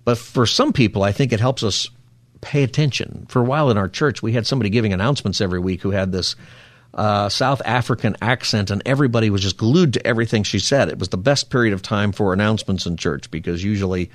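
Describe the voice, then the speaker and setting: Male radio talk host, lowish voice, dry close sound, rambling and thoughtful. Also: fast talker, no room sound. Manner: rambling, musing aloud with frequent fillers. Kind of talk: casual call-in radio talk.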